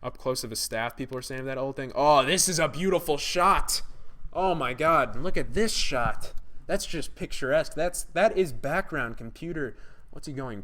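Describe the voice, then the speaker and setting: A young man breaks down a game trailer live on stream, his voice sitting at an ordinary middle pitch. He sounds excited and chatty, and he keeps talking straight to his viewers in the chat. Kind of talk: live-stream gaming commentary.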